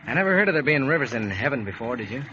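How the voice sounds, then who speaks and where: A man's voice: mid-range voice, very animated, very fast, noisy background, lightly acted. A young man playing an eager, lovesick sailor on leave, pleading with his girl in an old radio drama. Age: young adult. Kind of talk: 1940s radio acting. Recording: dull old radio recording.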